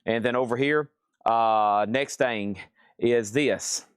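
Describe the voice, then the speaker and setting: A live-stream vinyl seller runs a record store auction with easy, chatty patter, calling out items and prices and cracking jokes as he rambles between them. He speaks slowly in a clean, middle-pitched male voice. The recording is dry and close, with no room around it.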